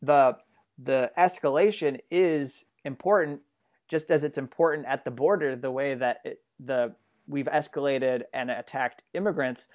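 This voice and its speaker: A man's voice: medium pitch, unhurried, a little mellow. Earnest rambling male political commentator. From United States. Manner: earnest, rambling with frequent restarts. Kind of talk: casual political discussion.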